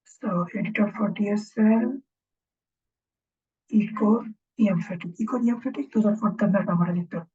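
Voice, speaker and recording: A woman instructor talks through a lesson in a breathy, husky voice with a dark, mellow tone. She thinks aloud as she goes, pausing and checking in with the class. The recording is dull and lo-fi. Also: mid-range voice. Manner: halting, thinking aloud, often ends points with a questioning "right?". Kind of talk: informal recorded lecture.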